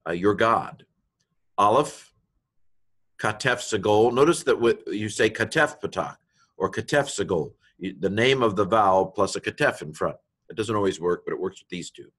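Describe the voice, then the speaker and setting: Middle-aged male lecturer, lowish voice, patient and methodical. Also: a bit bright. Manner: patient, explains step by step, sounds out letters slowly. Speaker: teacher. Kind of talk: classroom lecture on reading Hebrew.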